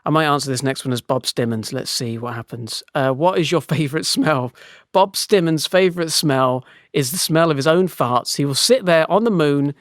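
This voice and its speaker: A man's voice: on the high side, moderate pace, no room sound, studio quality. A man hosting a comedic solo podcast, rambling and swearing as he chuckles through silly answers. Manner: rambling, profane, laughing at his own jokes. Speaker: podcast host.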